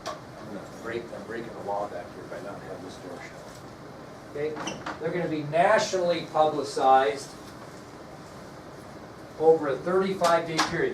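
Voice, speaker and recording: A male history teacher lectures in a blunt, folksy way, tossing questions at his class. His voice sits a bit high for a man. It is picked up from across an echoing classroom, with steady noise behind it. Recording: echoey classroom from far off with noise.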